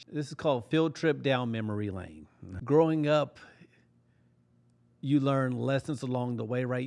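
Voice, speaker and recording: A man hosting a podcast, telling a comedic story with lively acted-out quotes and frequent laughs. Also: medium pitch, gravelly. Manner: animated, laughs often, acts out quotes. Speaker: podcast host.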